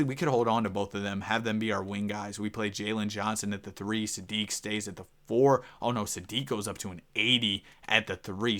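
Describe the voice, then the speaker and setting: A young man giving casual, rambling commentary over a basketball video game, talking fast and addressing his viewers directly. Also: on the low side, sharp tone. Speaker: gaming YouTuber.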